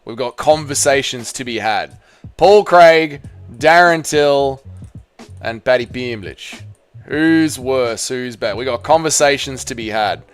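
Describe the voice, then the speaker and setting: A man's voice: mid-range voice, a little slow, clear, resonant tone. A young man hosting a casual livestream, bantering with chat and dropping "mate" and "bro", over faint background music. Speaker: livestream host.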